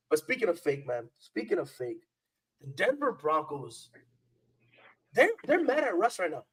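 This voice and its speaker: A man's voice: a little high, huge pitch swings, moderate pace, long pauses, a bit bright, slightly rough, rough recording. A man co-hosting a sports podcast, talking in a playful, repetitive trash-talk style. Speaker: podcast co-host. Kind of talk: casual sports chat.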